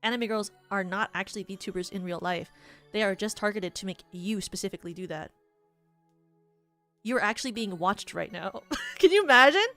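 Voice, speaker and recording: Her mid-range voice is bright, forceful, and animated at a normal pace as this VTuber chats casually over soft background music. She giggles a lot and rambles through hypotheticals, using "like" constantly.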